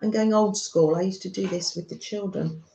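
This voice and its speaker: A middle-aged British woman with a soft, motherly manner, hosting a craft livestream and chatting gently with viewers. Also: mid-range voice, steady tone, normal speed, vocal fry, a little hiss or hum. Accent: British English. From Britain. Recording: roomy, slightly dull home stream audio.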